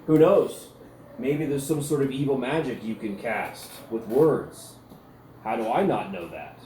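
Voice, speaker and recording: A towering male warrior knight of a tabletop game, low, clipped and coldly menacing, as a man puts him on. The words come slow and restrained. A roomy space with faint hum around the voice. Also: animated, dark tone, lightly acted. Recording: roomy recording with faint ambience.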